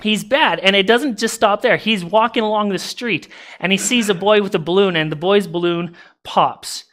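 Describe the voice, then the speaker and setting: A man's voice: high voice, moderate pace, fairly bright tone. A man preaching a casual sermon in a church, animatedly retelling a movie plot with asides to the congregation. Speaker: pastor. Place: church sanctuary.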